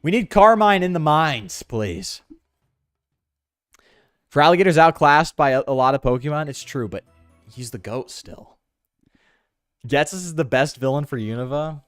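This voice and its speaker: A man's voice: medium pitch, measured pace, pauses often, fairly bright tone, clear, resonant tone, no echo, studio quality, faint music behind. A man streaming a game, joking and self-mocking in slangy, casual commentary. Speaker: gaming streamer.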